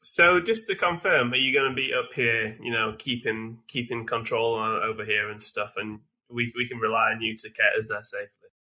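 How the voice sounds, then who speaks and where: Bright, husky-voiced man playing a game. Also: medium pitch, fairly even intonation, moderate pace, poor audio. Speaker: player.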